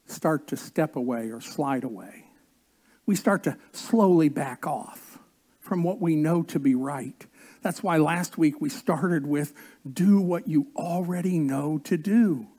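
A man preaching a sermon as pastor, slow and earnest, drawing out key words and coaxing the congregation to join in. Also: a little high, mellow.

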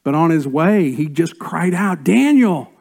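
A pastor preaching a sermon, rising to loud emphatic lines and dropping to near-whispered asides. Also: male voice, fairly high pitch, measured pace, gravelly. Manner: swings between raised emphatic lines and soft whispered asides.

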